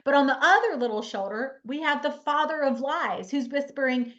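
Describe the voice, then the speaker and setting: A woman's voice: high-pitched, moderate pace, few pauses, fairly bright tone. A woman giving an earnest, chatty motivational webinar talk as a life coach, repeating key lines for emphasis. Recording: slightly muffled webinar audio.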